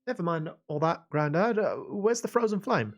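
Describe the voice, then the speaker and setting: A man's voice: very animated, moderate pace, faint music behind. A man doing a brash young thief girl. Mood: impatient. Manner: high, loud and pushy.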